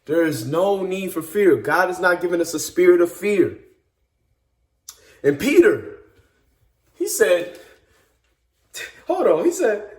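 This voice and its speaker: A man's voice: high voice, big pitch swings, slow, pauses often, echoey room. A man preaching informally in an earnest, emphatic way, repeating and restarting his phrases as he builds each point. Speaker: speaker giving a devotional message.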